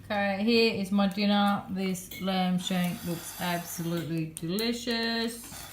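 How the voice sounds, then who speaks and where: Rambling casually through her daily vlog in her home kitchen, this Australian-accented woman in her thirties chats with plenty of fillers. Her voice is lowish, and a faint hiss or hum sits under the audio.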